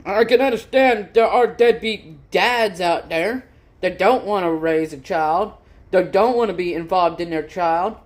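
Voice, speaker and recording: Slow-talking woman, blunt livestream host. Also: on the low side. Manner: blunt, opinionated, swearing freely. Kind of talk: casual reaction commentary.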